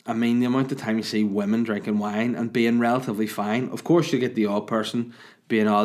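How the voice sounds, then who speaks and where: A man in his thirties with a Northern Irish accent, hungover, telling crude, rambling, animated comic stories. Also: lowish voice, brisk. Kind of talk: casual comic storytelling.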